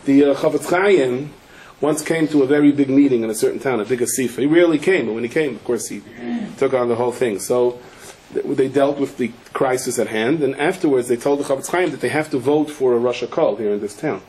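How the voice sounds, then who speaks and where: A middle-aged man, a rabbi, giving a humorous sermon full of anecdotes. He peppers his talk with Yiddish and Hebrew words and jumps high in pitch when he quotes people. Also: brisk, a little mellow, low-quality recording.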